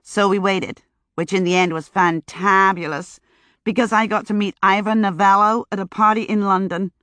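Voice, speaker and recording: A woman's voice: mid-range voice, fairly even intonation, normal speed, sharp tone, dry recording, close to an everyday voice. A woman voicing a chatty, brash young American flapper from Chicago in an audiobook, eager and gushing. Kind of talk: audiobook character voice.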